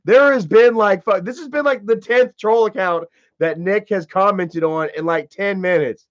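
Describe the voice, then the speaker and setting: A man's voice: high voice, moderate pace. A man hosting a livestream, talking in a casual, profane and mocking way and saying "you know" a lot. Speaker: livestream host. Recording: dull lo-fi stream audio.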